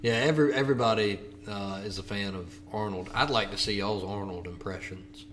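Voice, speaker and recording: A man's voice: on the low side, a little fast, a bit bright, a little hiss or hum. Joking man co-hosting a live stream. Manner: playful, joking banter with the chat. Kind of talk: casual live-stream chat.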